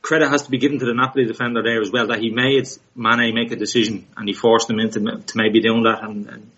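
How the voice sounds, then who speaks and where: A man of ordinary pitch weighs up football talk in a measured, reasoning way, often restarting his sentences. The sound is slightly muffled and lo-fi. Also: level tone, pushed and bright. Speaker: podcast co-host. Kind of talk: casual football chat.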